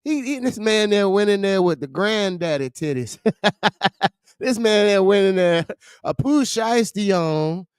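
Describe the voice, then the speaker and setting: A man's voice: sits high, animated, a little slow, darkish tone, clear, resonant tone, no echo, clean studio sound. A man hosting a livestream, giving blunt, profane commentary in a ranting manner. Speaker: livestream host. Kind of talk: casual commentary stream.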